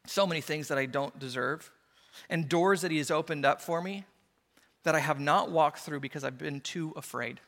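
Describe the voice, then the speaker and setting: A male pastor delivers a sermon in a church, his voice high and bright. He tells personal stories and acts out the quotes with playful energy. The sound carries a long hall reverb. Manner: storytelling with playful acted-out quotes.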